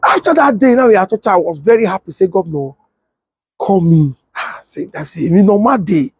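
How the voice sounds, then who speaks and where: A young adult man with a Nigerian Pidgin English accent, telling a story and acting out the voices of others in a husky tone. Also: a little fast, no room sound. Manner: switches to high excited voice when quoting others. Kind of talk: animated storytelling with acted-out quotes.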